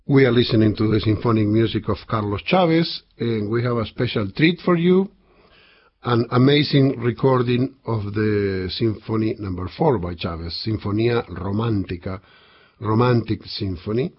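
Low husky guy hosting a classical music radio show, kinda dull lo-fi sound. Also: normal speed. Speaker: radio host and composer.

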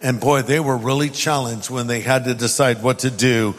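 A man, a pastor, preaching a sermon and reading scripture aloud with emphatic pauses. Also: medium pitch, fairly even intonation. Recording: long hall reverb.

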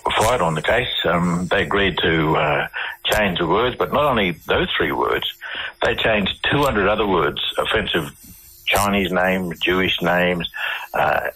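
An Australian man telling his stories on a radio show, his voice low and husky. His tone is bright and forward, and he keeps restarting his sentences as he goes. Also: rough recording. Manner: halting, many restarts and fillers. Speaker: radio guest. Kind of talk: casual interview storytelling.

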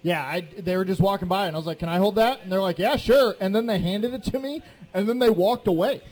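Man, high voice, radio co-host, rambling, easygoing, casual chat. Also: fast talker, darkish tone. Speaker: radio co-host, former college football player. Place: live broadcast at a restaurant event.

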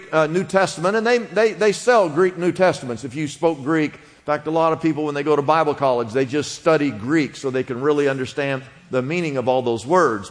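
A man's voice: a little high, big-room sound. A man preaching a sermon, explaining a word in a conversational teaching manner and prompting the congregation to repeat after him. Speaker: pastor.

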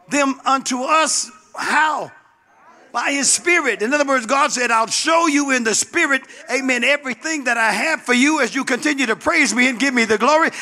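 A man's voice: extremely high pitch, sharp tone. A male pastor preaching a sermon in an emphatic call-and-response style.

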